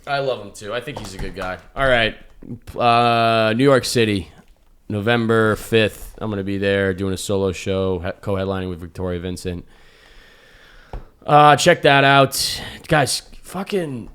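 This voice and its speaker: A man's voice: fairly low pitch, fairly bright tone, clean tone. Young male comedian co-host, loose jokey banter, swears a lot. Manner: joking, laughs often, swears freely. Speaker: podcast co-host and stand-up comedian. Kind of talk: casual comedic chat.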